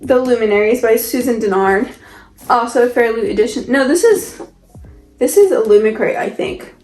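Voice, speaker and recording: A woman's voice: on the high side, normal speed. A young woman chatting casually as she shows off the books on her shelf, rambling and asking herself questions. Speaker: book vlogger. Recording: echoey room with soft music. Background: soft background music.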